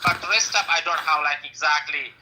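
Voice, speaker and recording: A man's voice: a little high, normal speed, bright, forceful tone, rough recording. A man who speaks English as a second language, talking in broken English full of fillers as a caller in a heated audio-room argument. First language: not English. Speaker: caller on an audio-app stage.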